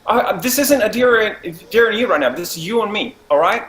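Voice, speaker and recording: A man's voice: sits high, animated, fast talker, fairly bright tone. A man playing a tabletop game, arguing heatedly in character, defensive and stammering. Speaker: player. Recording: echoey room with faint noise.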